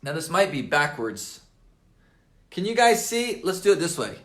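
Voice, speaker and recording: Energetic, high-voiced, slightly hoarse coach. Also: male voice. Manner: energetic and emphatic, fills pauses with "right?" and "okay?"; repeats key phrases for emphasis. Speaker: network marketing coach. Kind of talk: motivational coaching talk to camera. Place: at his desk in an office. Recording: roomy echo.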